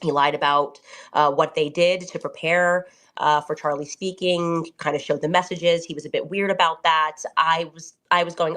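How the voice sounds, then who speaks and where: A woman with a low voice chatting as a podcast guest. She thinks out loud, pausing and hedging with fillers as she goes. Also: steady tone. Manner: thinking aloud, hesitant with fillers. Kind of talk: casual talk.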